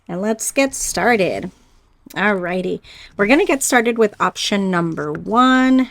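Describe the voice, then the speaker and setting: A woman with a medium-pitched voice leads a pick-a-card spiritual reading. She speaks gently and reflectively, addressing her viewers directly. She pauses often and now and then trips over a word. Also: animated, vocal fry. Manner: unhurried with pauses and small stumbles. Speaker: oracle card reader.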